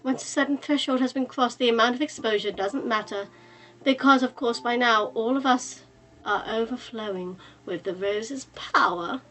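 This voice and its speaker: A woman voicing a smug, flowery male villain in a visual novel reading, low and condescending. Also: a bit bright, faint music behind, natural voice. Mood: gloating. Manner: condescending, drawn-out theatrical delivery. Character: smug honey-voiced male villain, flowery and self-assured.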